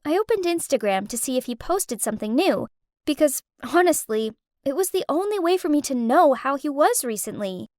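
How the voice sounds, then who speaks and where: High, lively woman narrating a drama. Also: normal speed, no room sound, studio quality. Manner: emotional, dramatic delivery. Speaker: storyteller. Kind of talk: scripted first-person story narration.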